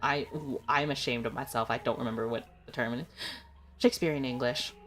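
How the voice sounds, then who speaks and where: A woman's voice: rumbling low, steady tone, a little fast, fairly bright tone, soft background music. A woman streamer chatting casually with viewers, giggling often and filling her talk with "like" and "you know.". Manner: chatty and giggly, full of filler words. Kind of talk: casual chat.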